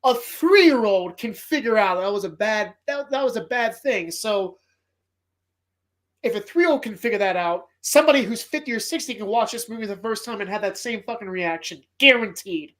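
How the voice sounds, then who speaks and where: Male podcast host, casual movie talk, animated, swears a lot, gets choked up. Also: high voice, moderate pace. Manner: animated, profane retelling of movie scenes; emotional, choked up at times.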